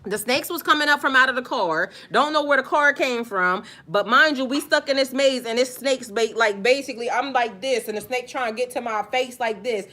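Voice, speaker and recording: A spiritual vlogger rants during a casual live-stream chat in a bright, slightly high voice. She's animated, profane, and slangy, talking straight to her viewers.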